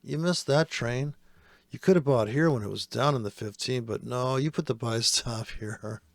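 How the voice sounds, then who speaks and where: A man's voice: mid-range voice, moderate pace, no echo. A man giving casual, profane and sarcastic commentary while trading live.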